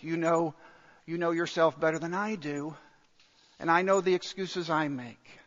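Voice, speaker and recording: A man with a high voice delivers a slow, deliberate sermon, leaning on repeated phrases and pauses for emphasis. His voice rings with a long hall reverb, and the recording sounds a little dull. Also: fairly even intonation, a bit bright. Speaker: pastor.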